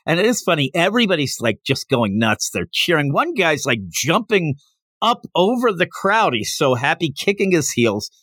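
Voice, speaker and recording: A man hosting a podcast, casually retelling a manga chapter in an animated way and now and then slipping into character voices. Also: on the high side, moderate pace, no room sound, clean studio sound. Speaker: podcast host.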